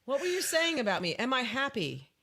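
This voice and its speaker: Woman, 50s, podcast co-host; lively storyteller, slightly high voice. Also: brisk. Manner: chatty storyteller, acts out quotes. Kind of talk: casual live podcast chat.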